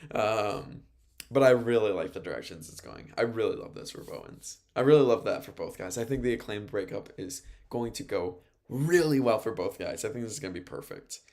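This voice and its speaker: A man's voice: lowish voice, expressive, fairly quick, a little mellow. A man hosting a casual show, recapping wrestling from his notes in a chatty, rambling way and laughing at his own mistakes. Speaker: radio host.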